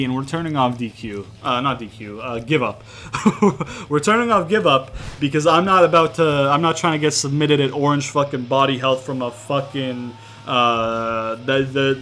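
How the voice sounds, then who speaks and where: A young man from outside the US giving rambling, profane let's-play commentary, breaking into loud exasperated rants. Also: mid-range voice, a little hiss or hum. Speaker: gaming YouTuber.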